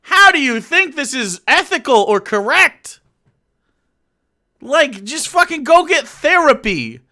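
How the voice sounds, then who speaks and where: A man's voice: extremely high pitch, sing-song, takes it slowly, sharp tone. A man streaming and reacting to a video, ranting in a profane, exasperated way and laughing in the middle of sentences.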